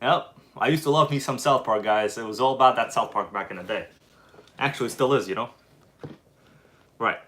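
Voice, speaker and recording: A man in the middle of his pitch range, hosting a live stream from home. His talk is loose and chatty, and it jumps into fired-up bursts when something annoys him. He reads out viewer comments as he goes. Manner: animated, quick flashes of irritation, chatty. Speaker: livestream host. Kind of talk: casual live chat.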